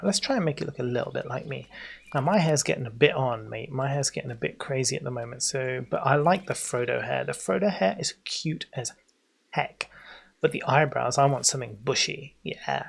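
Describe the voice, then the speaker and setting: A man in his forties with an English accent, chatting casually while livestreaming a game, rambling on and breaking into excited greetings for viewers. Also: mid-range voice, gravelly, breathy edge. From England. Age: 40s. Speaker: game streamer.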